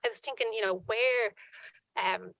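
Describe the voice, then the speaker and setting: A woman giving earnest personal testimony at a conference panel, halting with frequent restarts. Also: mid-range voice, vocal fry, fairly bright tone, no room sound, low-quality recording.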